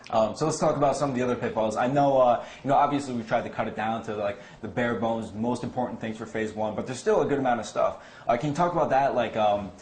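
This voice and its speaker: A man's voice: mid-range voice, fast talker, a little mellow. A man co-hosting a casual interview chat, asking questions with many fillers and laughing easily. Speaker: co-host. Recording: echoey room with faint background noise.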